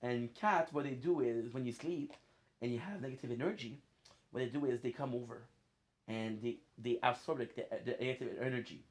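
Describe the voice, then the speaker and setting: A man's voice: mid-range voice, fairly quick. Playful, rambling male streamer. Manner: playful, rambling, laughs often. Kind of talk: casual chat while gaming.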